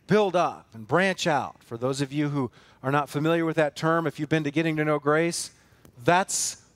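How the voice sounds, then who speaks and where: A man's voice: on the high side, no room sound. A man preaching a sermon as pastor of a church, earnest and emphatic, building force through repeated phrases and rhetorical questions. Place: church sanctuary.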